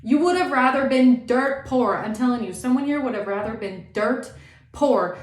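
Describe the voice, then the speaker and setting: A woman's voice: high voice, moderate pace, reverberant, faint music behind. A woman tarot reader giving a blunt, indignant reading and swearing freely.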